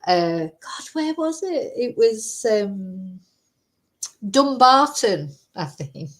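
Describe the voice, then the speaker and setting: A woman's voice: medium pitch, sing-song, very slow. A woman from England with an English accent, chatting casually and telling rambling stories while reacting to a news clip. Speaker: vlogger.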